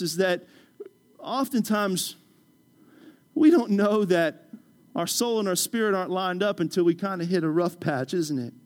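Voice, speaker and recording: Male pastor, high voice, chatty, story-driven preaching. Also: a little mellow. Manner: conversational, storytelling, joking with the congregation. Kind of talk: sermon.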